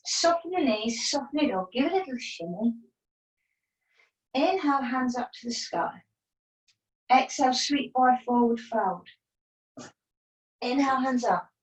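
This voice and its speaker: A woman teaching a yoga class from home over a video call, giving calm breath cues with playful asides. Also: high-pitched. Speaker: yoga instructor. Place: at home, partner downstairs. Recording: roomy, distant from the mic.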